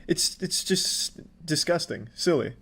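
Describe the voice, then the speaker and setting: A man's voice: fairly high pitch, expressive, slow, vocal fry, background noise. A man giving sarcastic video commentary, mock-sincere and swearing often.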